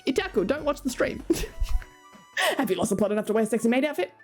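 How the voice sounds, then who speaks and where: A woman's voice: fairly high pitch, lively intonation, brisk, darkish tone. A young Australian woman streaming, chatting casually with her viewers in a playful, rambling way. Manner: playful, rambling, laughs often, swears. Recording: faint music behind.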